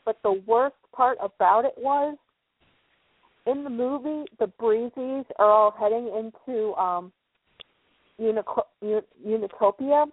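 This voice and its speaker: A woman with a husky, somewhat high voice chats in halting bursts and restarts her sentences. The sound is narrow like a phone call. It is dry and close. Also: no room sound. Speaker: podcast co-host. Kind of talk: casual chat.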